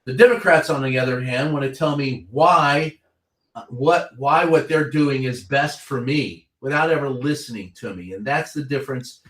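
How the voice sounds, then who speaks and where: A man's voice: medium pitch, normal speed, fairly bright tone. Blunt ranting man, echoey room. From Kentucky. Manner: blunt, ranting, swears freely. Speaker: veteran White House reporter, guest. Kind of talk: impassioned political talk.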